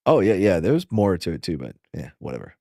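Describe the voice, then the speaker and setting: Profane man telling animated stories. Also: low-pitched, brisk, gravelly, no room sound, studio quality. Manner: profane, animated anecdotes with acted quotes. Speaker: podcast host. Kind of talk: casual storytelling.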